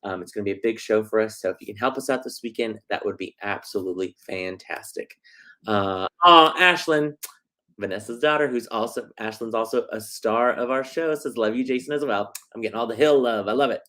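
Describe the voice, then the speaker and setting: Male host, middle-aged, talks fast and excitably, lots of ums. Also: fairly low pitch. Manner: chatty, excitable, lots of fillers. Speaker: theater talk show host. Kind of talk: casual livestream chat.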